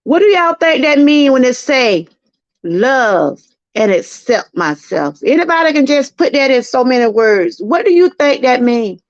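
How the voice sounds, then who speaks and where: A woman's voice: sits high, moderate pace, hardly any pauses, no room sound. A middle-aged woman with a Southern US accent hosting a live-stream testimony talk, earnest and preachy, repeating herself and speaking to her viewers. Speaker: channel host. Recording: dry, slightly muffled lo-fi sound.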